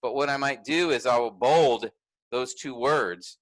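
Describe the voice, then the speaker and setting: A man's voice: mid-range voice, measured pace, a bit bright, no echo, low-quality recording. A man teaching a graduate workshop in a conversational way, thinking aloud with restarts and fillers.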